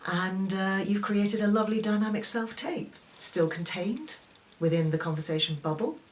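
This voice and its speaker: A woman's voice: medium pitch, moderate pace, distant mic, a little hiss or hum. A woman acting teacher giving an instructional talk to aspiring actors, coaching with strings of rhetorical questions.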